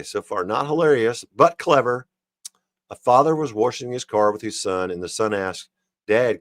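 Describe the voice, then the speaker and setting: A man's voice: on the low side, a bit bright, no echo. A man hosting a livestream, reading jokes aloud and chuckling and commenting on each one. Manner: reads jokes then chuckles and comments on them. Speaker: livestream host.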